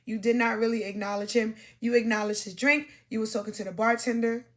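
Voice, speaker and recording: A woman's voice: a little high, bright, forceful tone. A woman hosting a podcast, giving dating advice in an emphatic, repetitive coaching monologue with demonstrations.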